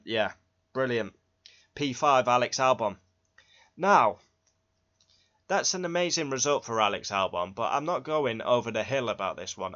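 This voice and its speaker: A man running through race results in a blunt, sweary and excitable reaction. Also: on the low side. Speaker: Formula One fan channel host. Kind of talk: casual race reaction rundown. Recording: dull lo-fi recording.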